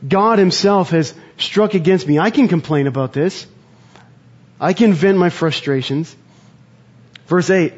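A man preaching a sermon in an earnest, conversational way, pausing to reflect. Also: high-pitched, a little mellow, breathy edge, muffled recording. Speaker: pastor.

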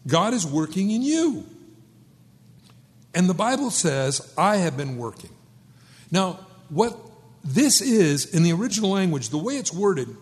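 A man's voice: fairly high pitch, a little mellow. A man preaching a sermon as pastor, emphatic and conversational, with wry asides. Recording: long hall reverb.

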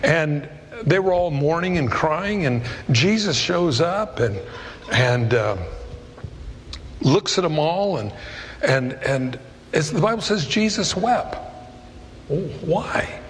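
A man's voice: on the high side, lively intonation, slow, pauses often, slight background noise. A middle-aged man preaching a sermon in a conversational, storytelling way. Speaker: pastor. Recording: long hall reverb.

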